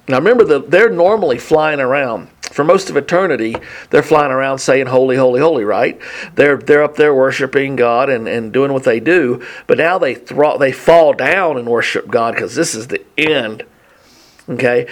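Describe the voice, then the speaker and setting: A man's voice: mid-range voice, normal speed. A man leading a casual Bible study, reading passages aloud and explaining them with enthusiasm. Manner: enthusiastic, reads scripture aloud then comments. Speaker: Bible teacher.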